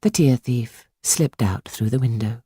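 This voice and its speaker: A woman reading a children's story aloud in a hushed, suspenseful manner. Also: very deep voice, measured pace, breathy edge, no echo. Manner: hushed and suspenseful, lingering on words. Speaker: audiobook narrator. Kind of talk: scripted storybook narration.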